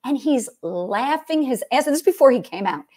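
Middle-aged woman, high voice, rambling comic storyteller, acts out quotes, casual chat. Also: animated, normal speed, darkish tone. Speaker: guest comedian.

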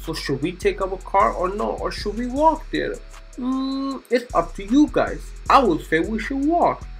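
A woman's voice: mid-range voice, very animated, a little slow, soft background music. A woman narrating a children's cartoon in a gushing, exclamatory way, keeps asking the young viewers questions. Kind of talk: chatty commentary for children.

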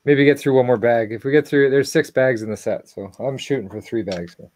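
A man's voice: mid-range voice, a little fast, a little mellow, a little hiss or hum. A man co-hosting a livestream, chatting easily and reading viewer comments as he builds. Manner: easygoing, reads viewer comments aloud. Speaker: livestream co-host. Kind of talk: casual chat during a toy build.

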